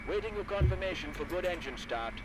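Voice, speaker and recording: A man's voice: high-pitched, expressive, fast talker, crowd noise, poor audio. A man voicing a polite ground crew chief in a flight simulator game, speaking with an Indian accent in a cheerful tone. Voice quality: cheerful and upbeat. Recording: game audio over engine noise.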